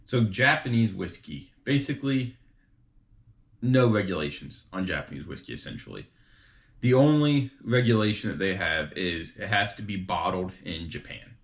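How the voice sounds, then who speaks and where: A man's voice: low-pitched, animated, moderate pace. Chatty man explaining casually. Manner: chatty, informal, talks straight to viewers with asides. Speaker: host explaining whiskey types.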